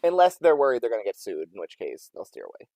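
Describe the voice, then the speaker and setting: Lively young man on a dry mic. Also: mid-range voice, fast, no room sound, poor audio. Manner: animated, acts out his own thoughts in asides. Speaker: podcast guest. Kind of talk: casual chat.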